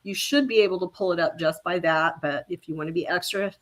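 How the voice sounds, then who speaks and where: A woman, an adoption attorney and author, telling lively anecdotes on a video call and laughing often. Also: fairly low pitch, fast talker. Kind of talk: casual storytelling on a live stream.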